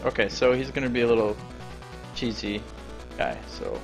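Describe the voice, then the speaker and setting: A man's voice: mid-range voice, lively intonation, moderate pace, creaky, soft background music, low-quality recording. A man casually commenting while playing a retro video game, chatty and talking to himself as he plays. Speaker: gameplay commentator. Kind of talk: casual let's play commentary.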